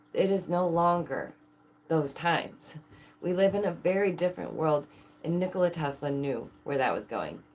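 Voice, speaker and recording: Woman vlogger, low-ish voice, casual and excitable, rhetorical questions, quick laughs. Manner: excitable, asks viewers many rhetorical questions, laughs often. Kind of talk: casual chat to camera.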